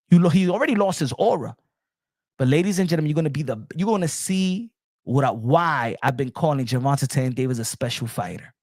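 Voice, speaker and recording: A man's voice: a little high, darkish tone, no room sound, clean studio sound. Hyped man talking boxing. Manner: hype-driven, repeats phrases. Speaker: boxing channel host.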